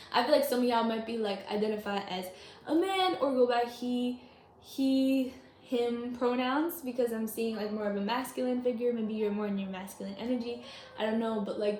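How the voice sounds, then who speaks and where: A woman giving a casual spiritual reading to camera, chatty and rambling, with lots of "like" and "y'all". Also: fairly high pitch. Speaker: tarot reader. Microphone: camera mic. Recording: echoey room, faint noise.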